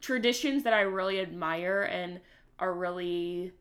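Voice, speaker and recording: A woman's voice: lowish voice, a little slow, a bit bright. A young woman co-hosting a podcast, chatting casually, giggling often and losing her words. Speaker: podcast co-host. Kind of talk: casual chat.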